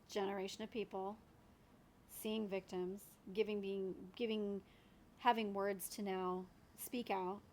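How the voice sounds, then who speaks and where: A woman's voice: mid-range voice, a little hiss or hum. A woman guest in a casual conversation, blunt and opinionated, speaking steadily and firmly.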